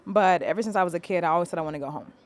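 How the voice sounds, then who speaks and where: A woman's voice: on the low side, rapid-fire. A woman basketball coach, a guest in an interview, speaking earnestly and repeating phrases for emphasis. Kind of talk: interview conversation.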